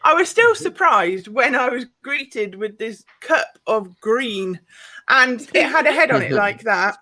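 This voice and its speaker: A woman performs stand-up on a stage mic, her voice bright and a touch high. She tells self-deprecating stories and drives each one to a punchline, with audience laughter behind her. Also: lively intonation, a little slow. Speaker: stand-up comedian. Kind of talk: stand-up comedy set.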